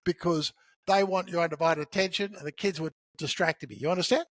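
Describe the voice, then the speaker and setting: High-voiced man explaining sales tactics. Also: brisk, no room sound. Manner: animated storyteller who acts out dialogue. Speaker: podcast guest, sales author. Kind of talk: conversational teaching.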